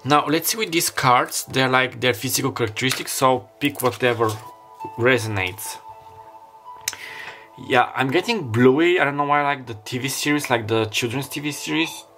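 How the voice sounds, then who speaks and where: Brief: non-native English-speaking man, casual tarot reader, halting, wanders off track, filmed on his own camera. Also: medium pitch, sharp tone, faint music behind. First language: not English. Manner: rambling, hesitant, searches for words aloud. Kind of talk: casual tarot reading monologue.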